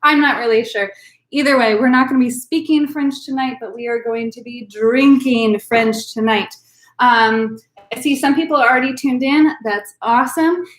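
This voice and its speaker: Upbeat woman, wine class host, fairly high voice, chatty with fillers, roomy echo. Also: normal speed. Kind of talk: live-streamed virtual class.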